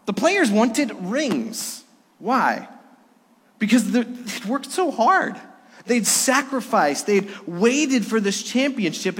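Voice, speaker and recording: Earnest middle-aged male pastor, sermon delivery, pitched a touch high, long reverb trailing each line. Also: breathy edge. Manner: earnest, swinging between soft lows and emphatic highs.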